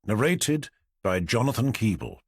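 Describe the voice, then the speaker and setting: Man, audiobook narration, gravelly, husky, lively intonation, dry close mic. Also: lowish voice, no echo. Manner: measured, expressive storytelling. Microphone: close studio microphone.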